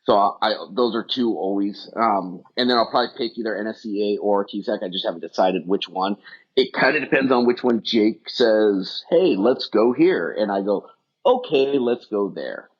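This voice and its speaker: A man's voice: fairly low pitch, steady tone, brisk. Casual rambling man, lo-fi sound. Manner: loose, rambling storyteller with fillers. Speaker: podcast guest. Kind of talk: casual chat. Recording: dull lo-fi sound.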